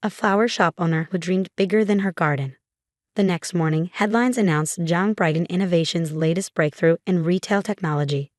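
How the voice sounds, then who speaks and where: A woman giving calm, measured first-person narration of a scripted story. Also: fairly low pitch, no room sound, clean studio sound.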